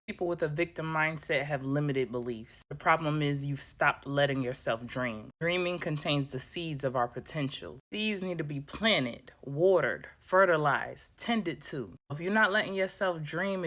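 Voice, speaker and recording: A woman's voice: low-pitched, a bit bright. A woman giving a sassy, blunt motivational monologue as a vlogger. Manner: sassy, preachy, slangy.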